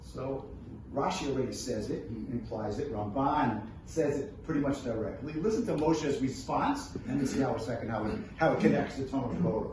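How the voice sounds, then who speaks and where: A man's voice: medium pitch, moderate pace. A man teaching a Torah lesson as a rabbi, reading verses, translating them, and pressing with rhetorical questions. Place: event room at a brunch. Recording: very echoey room from far off, faint noise.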